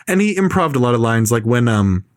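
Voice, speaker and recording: A man's voice: mid-range voice, sing-song, dry recording. A man co-hosting a podcast, ranting in a casual chat with lots of fillers. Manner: rambling, rapid film rant with many fillers. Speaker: podcast co-host.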